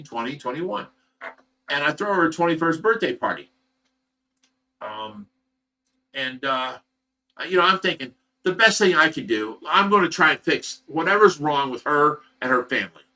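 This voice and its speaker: A man's voice: on the high side, pushed and bright. A man in his thirties from Ohio, hosting a livestream and telling a long personal story in a rambling way, full of fillers, restarts and repeated phrases. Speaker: livestream host. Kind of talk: casual storytelling to viewers. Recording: voice some distance from the mic.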